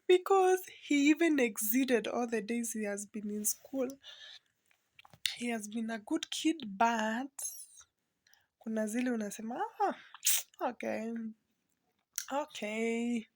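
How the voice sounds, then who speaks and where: A young woman vlogging casually as a mother, talking softly and often near a whisper, switching between English and Swahili, emotional and close to tears. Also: fairly high pitch, slow pace, pauses often, no room sound. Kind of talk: casual vlog talk to camera.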